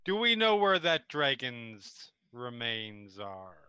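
A man's voice: mid-range voice, big pitch swings, slow, bright, forceful tone, clear, resonant tone, no echo, highs cut off. A man playing a tabletop game, playful and full of questions, often restarting his sentences. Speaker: player. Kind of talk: casual tabletop game talk.

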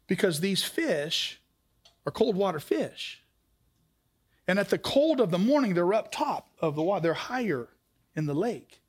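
A pastor with a strikingly high-pitched voice delivers a sermon, weaving through stories and asking the congregation direct questions. His delivery alternates between hushed, slow stretches and higher, quicker passages.

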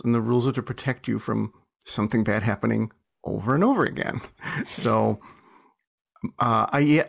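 Guy w a gravelly voice chatting in an interview, laughs a lot, trips over his words, mid pitch. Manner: chatty, self-deprecating, laughs often, many restarts. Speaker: author and entrepreneur guest. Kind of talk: casual storytelling interview.

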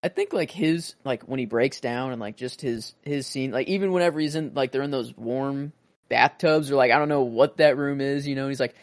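A man's voice: mid-range voice, brisk, no room sound. A man co-hosting a podcast, talking casually and ramblingly about a film, full of fillers and restarts. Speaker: podcast co-host.

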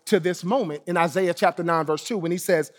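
A man with a notably high voice preaches from the pulpit, hammering home key phrases by repeating them. He often lets his sentences sink to a hushed, low finish. The sound carries a long, ringing reverb from a big sanctuary. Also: brisk. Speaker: pastor. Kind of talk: sermon.

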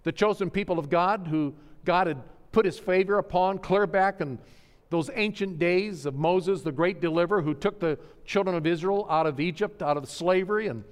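A man preaching a sermon, swinging between hushed, sorrowful passages and soaring, fervent proclamation. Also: high voice, big-room sound. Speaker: pastor.

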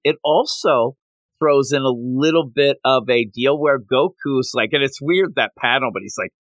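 A man co-hosting a casual podcast chat, animated and quick to act out lines from the story. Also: mid-range voice, dry recording. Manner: animated, acts out quoted characters in passing. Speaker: podcast co-host.

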